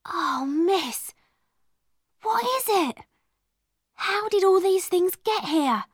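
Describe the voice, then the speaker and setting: A woman's voice: very high voice, expressive, drawn-out words, no room sound, studio quality, voice pushed up, heavily acted. A woman voicing a timid young servant girl who asks eager, breathless questions. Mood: amazed.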